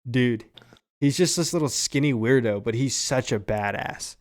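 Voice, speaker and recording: A man's voice: medium pitch, moderate pace. A young man co-hosting a casual podcast chat, swearing freely and laughing as he tells stories. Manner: swearing, laughing, animated retelling. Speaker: podcast co-host.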